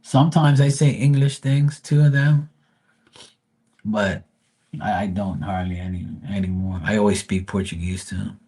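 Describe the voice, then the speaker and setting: A man hosts a live stream in loose, casual chat, telling family stories with swearing and a rambling flow. His voice sits low and has a husky edge. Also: fairly even intonation, unhurried, dark tone. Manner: rambling, profane storyteller.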